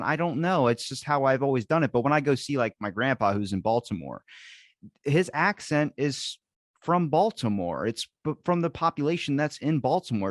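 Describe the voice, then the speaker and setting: A man's voice: medium pitch, no echo. A man from Maryland hosts a casual podcast chat, his voice in a middle register. He rambles through his thoughts with many restarts and "likes", recorded in a dry, close space. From Ocean City, Maryland. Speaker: podcast host.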